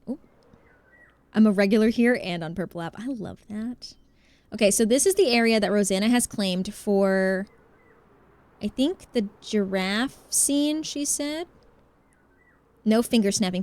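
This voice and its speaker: A woman's voice: mid-range voice, darkish tone, clear, resonant tone, no echo. Chatty woman streamer, New Jersey accent. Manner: chatty, reads chat aloud and greets viewers. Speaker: live streamer. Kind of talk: casual live-stream chat while playing a game.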